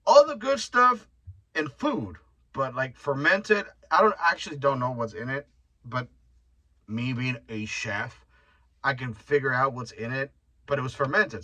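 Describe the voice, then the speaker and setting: On his own low-quality solo podcast, a young man of Mexican heritage rambles through stories, joking loosely and swearing. His medium-pitched voice is bright and forceful.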